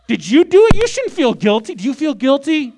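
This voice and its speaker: Man doing a high loud Southern drawl, smug, guilt-tripping, stand-up bit. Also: very animated, brisk, full character voice. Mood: smug, scolding. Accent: Southern US, put on.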